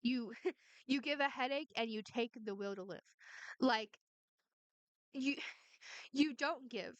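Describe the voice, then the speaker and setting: A woman vents in an angry, profane commentary vlog, and her sarcasm cuts through every line. Her voice sits a little high and sounds smooth and clear. The recording is dry and close, with no room sound. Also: no echo. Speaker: vlogger responding to a harasser.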